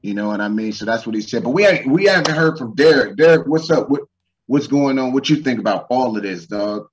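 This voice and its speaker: A man's voice: mid-range voice, lively intonation, fairly quick, distant mic, poor audio. Profane fired-up man ranting. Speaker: podcast host. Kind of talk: casual chat.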